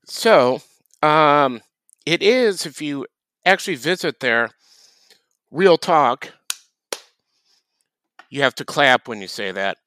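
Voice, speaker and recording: A man talking very slowly in a bright, crisp voice, co-hosting a podcast with a deadpan, dry wit. His words come across close and dry. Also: on the high side, no room sound. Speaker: podcast co-host. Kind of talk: casual podcast chat.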